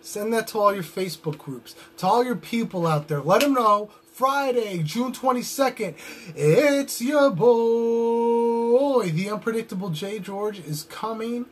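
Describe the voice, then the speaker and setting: Young adult male wrestler, high voice, brash trash-talking promo delivery. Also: lively intonation, normal speed, few pauses, a bit bright, slight background noise. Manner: boastful, trash-talking swagger.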